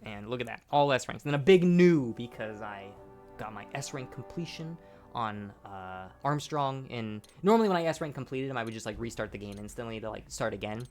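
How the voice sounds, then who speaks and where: A man's voice: medium pitch, lively intonation, a little fast, darkish tone, faint music behind. A young man giving casual gameplay commentary, tipsy and rambling with many restarts and fillers, on a bad clipping microphone. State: tipsy, burping. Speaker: gaming channel host. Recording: lo-fi clipping mic.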